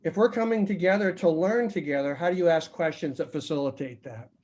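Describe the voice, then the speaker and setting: A man's voice: on the high side, brisk, a little mellow. A middle-aged man teaching a seminar on conflict in a conversational way, acting out short sample dialogues. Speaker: seminar presenter, mediator.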